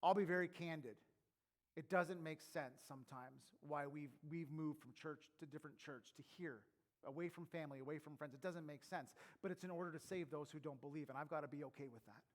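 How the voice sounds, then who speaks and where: A middle-aged man with a fairly high voice delivers a sermon as pastor. He drops to hushed, intimate asides and then builds to loud, emphatic calls to his listeners. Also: fairly quick.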